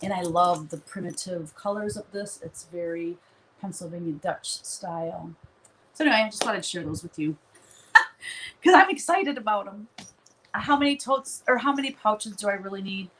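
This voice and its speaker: A woman's voice: medium pitch, expressive, normal speed, a bit bright, a little hiss or hum, poor audio. A woman hosting a live stream from her studio, chatting casually in a rambling way and laughing often.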